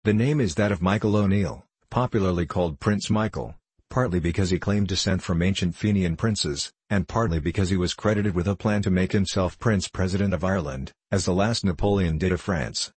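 A man narrating an audiobook with measured, even storytelling. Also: deep voice, husky, no echo. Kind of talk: scripted narration.

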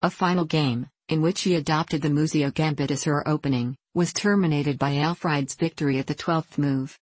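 A woman narrating a novel in a measured, steady reading. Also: deep voice, breathy edge, no echo, low-quality recording. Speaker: audiobook narrator. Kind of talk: scripted narration.

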